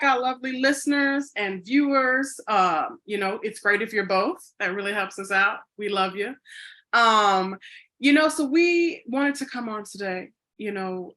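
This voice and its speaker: A woman with a medium-pitched, sharp voice co-hosts a podcast in casual chat. Playful and chatty, she rambles, corrects herself and says "you know" a lot.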